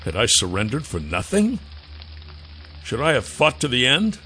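A man narrating a first-person fantasy audiobook in a measured way. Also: mid-range voice, wildly swooping pitch, pushed and bright, breathy edge, faint music behind.

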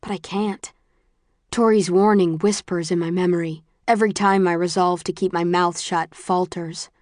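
Female audiobook narrator, lower voice, measured and even, dry close sound. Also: no room sound. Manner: measured, even storytelling with quoted dialogue. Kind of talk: first-person audiobook narration.

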